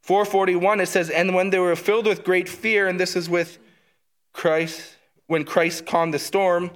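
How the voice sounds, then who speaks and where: Speaking unhurriedly in a high voice with a level tone, a man teaches a book of scripture like he's chatting. Eager throughout, he frequently tags his points with "right?" to check in with his audience.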